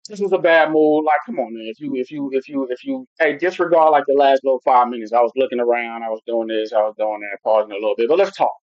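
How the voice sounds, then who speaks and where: A man's voice: mid-range voice, quick pace, hardly any pauses, no room sound. Loose-talking man on a dull, dry stream. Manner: loose, rambling, talks straight to chat. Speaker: football livestream host. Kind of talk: casual livestream chat. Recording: dull lo-fi home stream audio.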